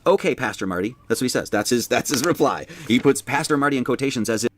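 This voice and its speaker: A man, a pastor, arguing indignantly and complaining in rapid bursts. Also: medium pitch, a bit bright, slight background noise. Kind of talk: indignant argument in a played clip.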